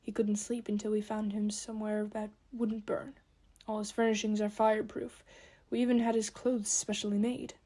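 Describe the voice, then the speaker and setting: A woman voicing a gentle, grieving elf father who speaks softly and sighs. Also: medium pitch, flat delivery, moderate pace, lightly acted. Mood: somber. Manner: soft and heavy, often sighing.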